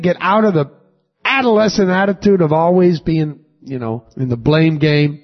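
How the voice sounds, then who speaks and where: A man with a high-pitched voice preaches a sermon, reading scripture aloud and pausing to quiz the congregation with questions. His delivery swells with emphasis on key words. The recording sounds a little dull and lo-fi. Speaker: pastor. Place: church sanctuary with congregation.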